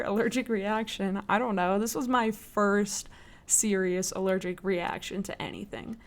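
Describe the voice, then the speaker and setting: A woman's voice: mid-range voice, clean tone. Young woman vlogger from New Orleans, chatty and slangy, acts out bits of dialogue. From New Orleans, United States. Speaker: vlog host. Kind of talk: casual storytelling.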